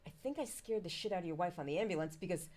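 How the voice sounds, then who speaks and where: A middle-aged woman with a slightly low voice tells a personal story in a casual interview. She talks in an animated way and jumps into other people's voices whenever she quotes them. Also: rapid-fire. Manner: animated, acts out quoted dialogue. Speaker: company founder, guest.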